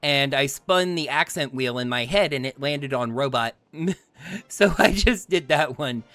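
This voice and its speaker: A man's voice: mid-range voice, lively intonation, measured pace, fairly bright tone, dry recording. A man streaming a video game, chatting playfully with his chat and laughing often. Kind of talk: let's-play commentary.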